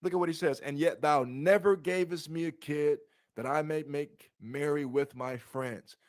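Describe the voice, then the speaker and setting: A man's voice: fairly high pitch, moderate pace. Guy teaching bible study, reads verses then stops to ask you stuff, lots of restarts. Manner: reads scripture aloud with frequent restarts and rhetorical questions.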